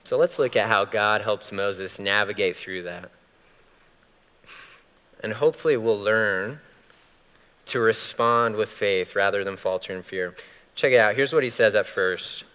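A man's voice: lowish voice, measured pace, long pauses, pushed and bright, smooth. A man preaching a sermon as pastor, talking casually and animatedly, acting out voices when he quotes. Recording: long hall reverb.

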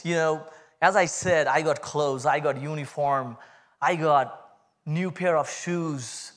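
A man with an Indian accent giving a humorous, animated testimony sermon to a church congregation. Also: a little high. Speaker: guest speaker giving testimony.

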